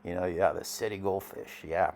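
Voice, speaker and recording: A man's voice: sits low, fairly even intonation, moderate pace, vocal fry, darkish tone. A man playing a washed-up male jackalope actor who rambles loosely and keeps drifting off topic in a mock documentary interview. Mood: rambling. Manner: rambling, loopy, easily sidetracked.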